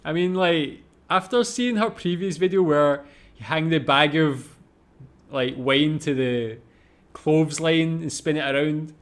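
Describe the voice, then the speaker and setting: A man's voice: a little high, a little slow. A man hosting a reaction video, curious and asking many questions. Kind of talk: reaction commentary.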